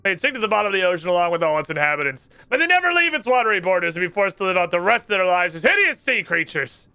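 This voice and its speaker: A man doing a pompous, furious dark wizard. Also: sits high, big pitch swings, clear, resonant tone, dry recording, voice pushed up, full character voice. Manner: theatrical, shouting, drawn-out.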